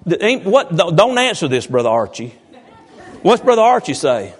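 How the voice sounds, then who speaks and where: Folksy high-voiced pastor. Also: male voice, very animated, fairly quick. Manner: folksy, teasing the congregation with questions. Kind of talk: informal sermon to a congregation.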